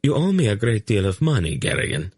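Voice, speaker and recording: A sly, smug spy and trader, as a man puts him on delivers every line with breezy, urbane ease. His voice is deep and the recording close and dry. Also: huge pitch swings, brisk, darkish tone, husky, no echo, heavily acted. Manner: urbane, breezy, dryly witty.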